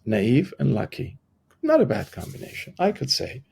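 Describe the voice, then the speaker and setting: A middle-aged man with a deeply gravelly, husky voice tells a personal story as a podcast guest. He talks haltingly, often restarting his sentences, and slips into the voices of the people he quotes. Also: wildly swooping pitch, darkish tone. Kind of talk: conversational storytelling in an interview.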